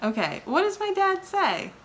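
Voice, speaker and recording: A woman's voice: extremely high pitch, normal speed. A woman hosting a vlog, chatting casually and teasing her husband, laughing often. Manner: giggly, teasing, animated. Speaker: vlog host, wife. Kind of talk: casual chat.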